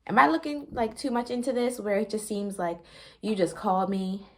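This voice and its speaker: A woman's voice: medium pitch, fairly even intonation, moderate pace, fairly bright tone. A pregnant woman, chatting animatedly with viewers in a casual storytelling vlog and laughing often. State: pregnant, briefly out of breath. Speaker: vlogger.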